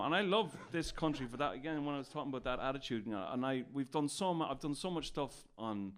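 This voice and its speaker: An Irish actor guest telling comic stories in a deadpan way. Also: male voice, mid-range voice, fast, hardly any pauses, noisy background. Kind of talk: casual chat.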